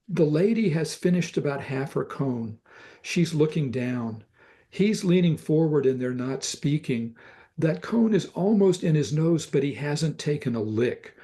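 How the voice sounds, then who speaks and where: An older man with a Southern US accent, a photographer talking thoughtfully about pictures, pausing often with fillers. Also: a little high, dark tone. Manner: thoughtful, halting with many fillers. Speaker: photographer guest. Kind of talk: reflective conversation about photographs.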